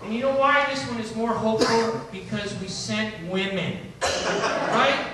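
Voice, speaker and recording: A man with a Chicago accent doing a stand-up comedy routine in a synagogue hall, with quick, punchy joke delivery and asides to the audience. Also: high voice, fairly even intonation. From United States. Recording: echoey hall, distant mic, loud noise. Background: audience laughter.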